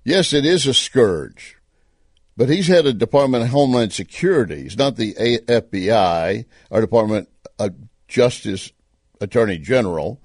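A man's voice: medium pitch, animated, moderate pace, no room sound, studio quality. A man with a Texas accent giving sarcastic political commentary on video clips. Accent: Texan. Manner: sarcastic, scornful.

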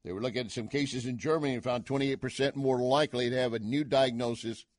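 A man's voice: medium pitch, fairly even intonation, fast, a little mellow, no room sound. Older guy doing a talk radio rant, punchy and emphatic, dry studio sound. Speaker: radio talk show host. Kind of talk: opinionated talk radio monologue.

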